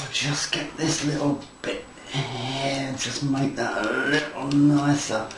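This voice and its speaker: A man's voice: mid-range voice, measured pace. Chatty, enthusiastic hobbyist man in an echoey room. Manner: chatty, playful and enthusiastic, talks to viewers while working. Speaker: model railroad hobby instructor. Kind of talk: casual hands-on tutorial. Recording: echoey room with faint noise.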